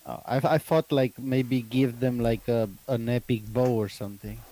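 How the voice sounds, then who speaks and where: Male player, mellow voice, unsure and questioning. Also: mid-range voice, fairly even intonation, moderate pace. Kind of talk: casual tabletop game chat.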